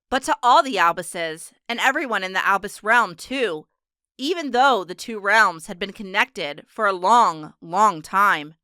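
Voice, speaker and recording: A woman with a medium-pitched voice narrates an audiobook in a steady, measured storytelling style. The scripted narration is studio quality with no room sound.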